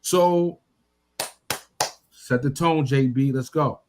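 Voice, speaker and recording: A man co-hosting a casual sports podcast, talking in an animated way and repeating words as he pushes his point. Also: medium pitch, slow pace, slight background noise. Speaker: podcast co-host.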